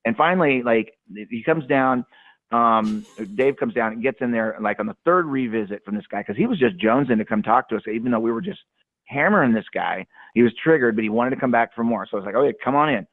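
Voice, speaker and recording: A man's voice: mid-range voice, expressive, fairly quick, no echo. A man caller telling a rambling story, full of fillers and restarts. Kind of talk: casual storytelling. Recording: phone line, dry.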